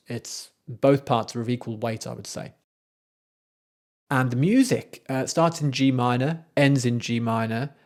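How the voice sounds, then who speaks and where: A man's voice: mid-range voice, darkish tone. A man with a mid-range voice giving an enthusiastic, informal analysis of a classical song. He talks conversationally, with plenty of verbal fillers. He sounds like a composer explaining music to his viewers. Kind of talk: casual educational commentary.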